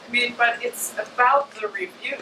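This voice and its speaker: A woman astrologer in an informal talk to a live audience, chatty and animated, often slipping into little acted-out voices. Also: on the high side, moderate pace. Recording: echoey room, distant mic, air conditioning hum.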